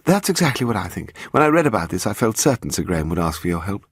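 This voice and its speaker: A man's voice: on the low side, very animated, quick pace, husky, no echo, clean studio sound, heavily acted. A man reading an audiobook voices a playful, impish young woman who coaxes and teases her husband, raising his voice for her. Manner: coaxing and impish. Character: playful, teasing young woman, a sleuth's wife.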